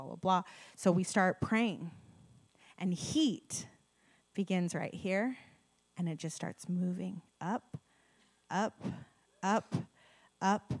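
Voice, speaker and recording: Woman preacher, lively storytelling sermon, drops to near-whispers for emphasis. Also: medium pitch. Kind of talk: sermon with testimony.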